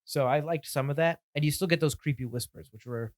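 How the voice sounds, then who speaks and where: A man co-hosting a film podcast talks fast in a casual, chatty way. He gives loose, enthusiastic opinions, and his voice is close and dry, with no room sound behind it. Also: fairly high pitch, dry recording. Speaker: podcast co-host. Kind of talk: casual chat about a film.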